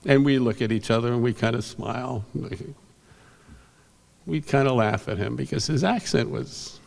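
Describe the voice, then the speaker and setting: An older man from New York tells rambling stories at an awards ceremony and keeps turning to the audience with asides. His voice is gravelly and sits at a middle pitch. A long reverb from a convention hall trails behind him. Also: moderate pace. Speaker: award presenter. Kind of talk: storytelling speech at an awards ceremony.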